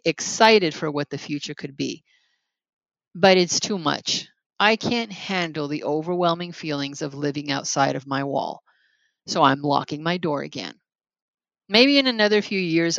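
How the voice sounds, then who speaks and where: A wry, teasing podcast co-host who reads aloud in a slow, soft voice. Mid-pitched, with a dry, close sound. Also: gravelly, no echo, dull audio. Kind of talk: casual chat and reading aloud.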